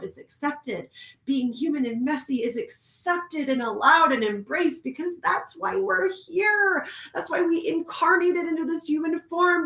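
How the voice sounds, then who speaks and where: With a voice that sits high and a roomy sound, a woman delivers a casual oracle card reading. She's animated and laughs a lot, shifting between hushed calm and excited bursts.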